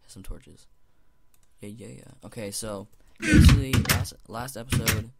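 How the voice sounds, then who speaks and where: Gravelly, mumbling young guy playing games. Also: fairly low pitch, steady tone, unhurried, very noisy. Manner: rambling, mumbly, drifting into whispered asides. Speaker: gamer commentator. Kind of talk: casual let's-play commentary. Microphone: gaming headset.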